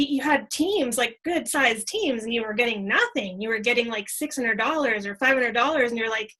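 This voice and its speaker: A woman leading a casual team training talk, excited and chatty, full of fillers. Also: fairly high pitch, low-quality recording. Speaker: team leader.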